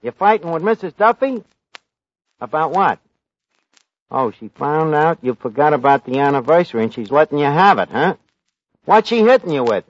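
A man's voice: a little high, big pitch swings, normal speed, pauses often, dry recording, lo-fi sound. An actor playing a wisecracking male tavern manager with bad grammar, in 1940s radio comedy. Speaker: host. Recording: old radio broadcast with live audience laughter.

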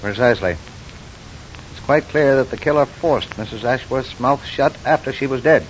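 An actor playing a medical examiner in an old radio drama, clipped and matter-of-fact. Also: male voice, normal speed, natural voice. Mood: clinical. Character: dry, clinical medical examiner, male. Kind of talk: 1940s radio acting. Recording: dull old radio recording with rumble.

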